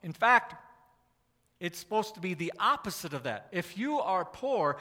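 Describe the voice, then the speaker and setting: A man's voice: sits high, sing-song, a little slow, pushed and bright. A man preaching a sermon in a church, talking in a conversational, self-deprecating way with frequent restarts. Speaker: pastor. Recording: long reverb of a church hall.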